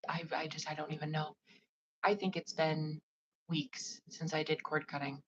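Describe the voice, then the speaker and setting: Soft half-whispering woman, rambling livestream talk. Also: low voice, fairly even intonation, a little slow, lo-fi sound, slight background noise. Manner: soft, often half-whispered, drifting delivery; loose, rambling with many "like" fillers. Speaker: psychic medium and spiritual advisor.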